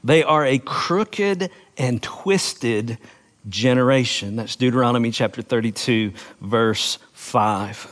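A man preaching a sermon, explaining scripture with slow, emphatic phrasing and playful sound-outs of words. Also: mid-range voice, fairly bright tone. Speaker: pastor.

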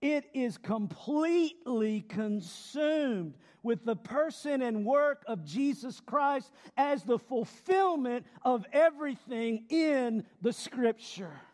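A middle-aged man preaching a sermon, swinging from loud emphatic shouts to low, quiet, drawn-out phrases. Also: lively intonation.

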